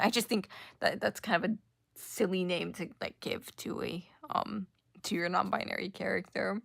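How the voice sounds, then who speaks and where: A woman's voice: lowish voice, fairly even intonation, normal speed, vocal fry, a bit bright, no echo. Young woman, sarcastic rant, casual vlog commentary, lots of fillers, dry close-miked sound. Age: young adult. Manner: sarcastic, mocking, heavy filler words. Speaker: commentary YouTuber.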